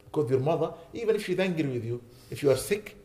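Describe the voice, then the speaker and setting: A man delivers a sermon in an earnest, pleading way, pressing his points with indignant emphasis. His voice is mellow and somewhat high for a man. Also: lively intonation, quick pace. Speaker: imam.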